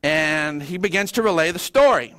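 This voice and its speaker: A middle-aged man with a drawl delivers a sermon as a pastor. He tells stories in a folksy, animated way and often stumbles into restarts. His speaking voice sits noticeably high for a man. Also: moderate pace. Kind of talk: sermon with storytelling.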